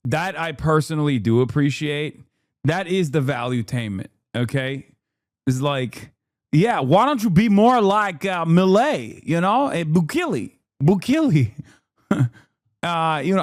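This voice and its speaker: Sarcastic streamer guy, crude jokes, high voice, takes his time, dry close mic. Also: expressive, measured pace, dry recording. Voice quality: crude, sarcastic, laughing asides. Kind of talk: casual reaction stream.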